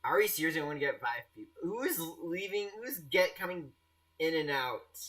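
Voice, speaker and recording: A man's voice: on the high side, expressive, normal speed, fairly bright tone. A young man streaming a game live, chatting casually and teasing his viewers. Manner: playful, teasing, restarts often, laughs at chat.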